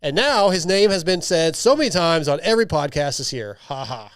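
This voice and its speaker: A man's voice: on the high side, lively intonation, brisk, clear, resonant tone, no echo, clean studio sound. A man hosting a podcast, chatting casually and reading listener emails in a loose, joking way with lots of restarts. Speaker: podcast host.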